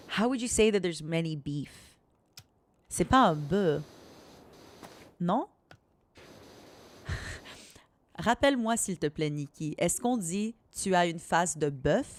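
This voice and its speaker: Slow, soft-spoken woman streamer. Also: on the low side, slight background noise. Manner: soft, giggly, chatting with viewers; switches between English and French. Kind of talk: soft-spoken casual chat while gaming.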